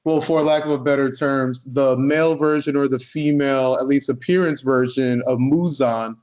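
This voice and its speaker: A man co-hosting a podcast interview, asking questions slowly and hesitantly with many fillers. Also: medium pitch, steady tone, darkish tone. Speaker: podcast co-host. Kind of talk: casual podcast chat.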